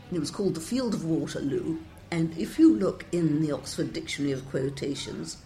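A woman's voice: deep voice, warm tone. An older woman, a translator, giving wry, discursive interview answers and quoting verse with relish.

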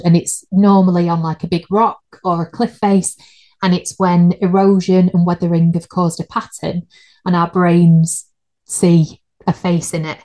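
A woman's voice: on the low side, a little mellow. A woman, co-hosting a podcast in casual chat and laughing at her own slips. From United Kingdom. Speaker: podcast co-host.

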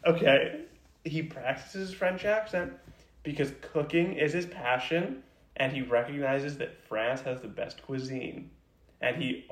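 A man's voice: medium pitch, roomy sound. A man co-hosting a casual podcast chat, playful and teasing, rambling through made-up scenarios. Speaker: podcast co-host.

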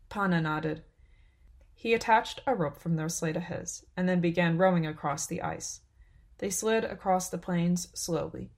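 Woman reading a storybook aloud, lowish voice, calm and steady. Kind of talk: scripted narration.

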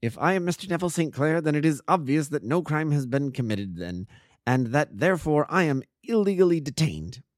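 A man voicing a distraught gentleman prisoner who pleads anxiously. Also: a little high, normal speed, hardly any pauses, clear, resonant tone, no echo, clean studio sound, voice pushed up, lightly acted. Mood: anguished. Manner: anguished, pleading.

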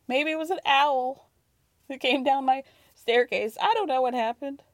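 A woman hosting a podcast, recapping reality TV in an animated, gossipy way, swearing freely and laughing often. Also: high-pitched, moderate pace, no room sound, clean studio sound. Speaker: podcast host.

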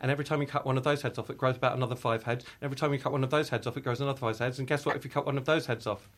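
A man's voice: mid-range voice, fairly even intonation, racing, fairly bright tone. A man hosting a playful chat, spinning silly tales with teasing asides and lots of fillers. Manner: jokey, rambling, teasing, many fillers. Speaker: podcast host. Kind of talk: playful improvised storytelling chat.

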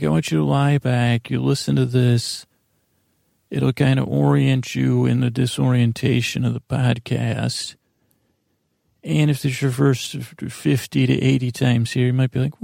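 A man in his forties hosting a podcast, delivering a meandering, stammering bedtime monologue in a drowsy, deadpan way. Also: mid-range voice, gravelly, dry recording, studio quality. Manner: meandering, stammering, with many restarts. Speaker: podcast host.

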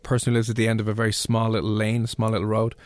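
A man, chatting casually and telling a neighbour story with loose pauses and fillers. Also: fairly low pitch, completely flat delivery, dry recording. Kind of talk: casual chat.

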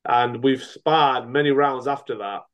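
A middle-aged man, a boxer turned coach, speaking in a mid-pitched voice. He talks frankly in a loose, rambling way, often restarting his sentences and leaning on fillers as he tells his story. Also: unhurried, lo-fi sound. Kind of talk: casual interview talk.

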